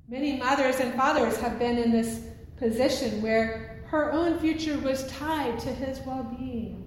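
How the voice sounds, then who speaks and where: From the pulpit of a church sanctuary, a woman delivers an earnest, emphatic sermon in a slightly high voice. It's heard from a distance in an echoey hall, with slight background noise.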